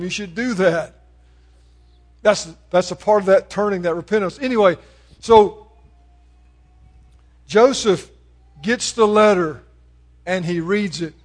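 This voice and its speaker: A man with a high-pitched voice preaches a sermon with dynamic delivery. He rises to loud, ringing proclamations, then drops to hushed, pleading appeals.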